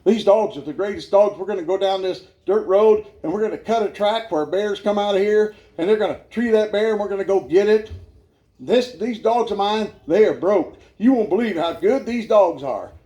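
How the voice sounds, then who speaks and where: A man's voice: sits high, moderate pace, dark tone, natural voice. A man voicing a mean, boastful hunting guide who is blunt, bossy and hot-tempered.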